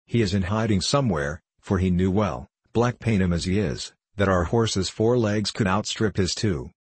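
A man reading the part of a gruff, confident medieval archer. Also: sits low, moderate pace, dry recording.

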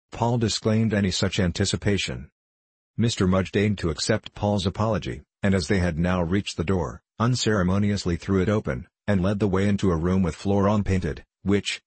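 Deep husky male narrator. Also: no room sound. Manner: measured, formal storytelling. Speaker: audiobook narrator. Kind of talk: scripted narration.

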